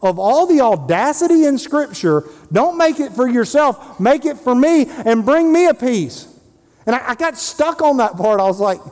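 A man's voice: very high voice, big pitch swings, moderate pace, a little mellow. A man preaching a sermon as a pastor, retelling Bible stories and acting out the dialogue in casual voices. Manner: storytelling, acts out biblical dialogue in casual voices. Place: church sanctuary. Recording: long hall reverb.

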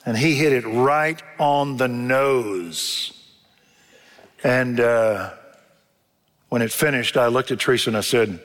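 A man's voice: medium pitch, slow, long pauses, fairly bright tone. An older man preaching a sermon in a church, telling stories in a folksy way and acting out what people said. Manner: folksy storytelling, acts out quotes. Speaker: pastor. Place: church sanctuary. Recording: long reverb of a church hall.

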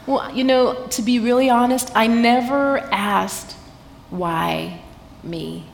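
A woman's voice: on the high side, unhurried. Earnest Southern woman telling her testimony. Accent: Southern American. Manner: earnest, heartfelt, quotes scripture, laughs easily. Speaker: guest sharing her testimony. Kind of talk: personal testimony at a church women's event. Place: church event space. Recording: reverberant hall, faint background noise.

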